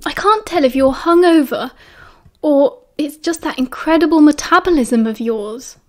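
A woman's voice: high voice, normal speed, lightly acted. A British woman reading an audiobook, voicing a blunt, gossipy teenage girl.

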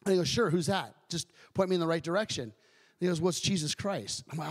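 A man giving his personal testimony in church as a guest speaker, telling it in an animated way, acting out quoted voices and often restarting his sentences. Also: sits high, brisk, in a large hall. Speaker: guest speaker, ministry director.

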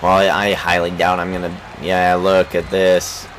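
A young man giving let's play commentary on a baseball game, swearing and shouting in frustration at his team. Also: low-pitched, completely flat delivery, normal speed, slight background noise, poor audio. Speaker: gaming channel host.

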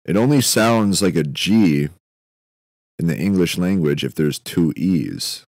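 Young man, very deep voice, deadpan rambling, self-interrupting, podcast host, dry close sound. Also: measured pace, no echo. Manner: meandering, self-interrupting, deadpan musing with frequent fillers. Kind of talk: rambling comedic monologue.

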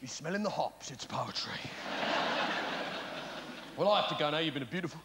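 A man's voice: on the high side, lively intonation, fairly quick, gravelly. A man doing a stand-up set, bantering with the audience and firing tag questions in a blustering manner. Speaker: stand-up comedian. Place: large theatre stage. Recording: reverberant theatre, loud crowd noise. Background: loud audience laughter.

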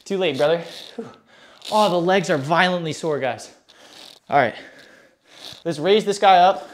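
Man, out of breath, high-pitched, live-stream workout chat, hyped, slangy. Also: lively intonation, measured pace, slight background noise. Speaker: fitness streamer.

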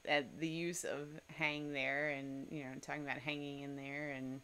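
A woman co-hosting a home shanty video, chatting in a relaxed way and trailing off with fillers. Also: low voice, moderate pace, clear, resonant tone. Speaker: co-host of a daily shanty video. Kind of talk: casual chat.

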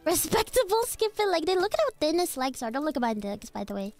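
This young-sounding woman talks fast in a high, sing-song, slightly mellow voice during casual chat on her gaming livestream. She jumps playfully between topics and lets out frustrated outbursts. Game music runs faintly underneath.

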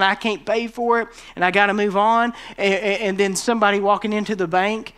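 A man preaching a sermon as pastor, who rises to loud emphatic stretches and drops to quiet, low tones when he quotes scripture. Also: smooth.

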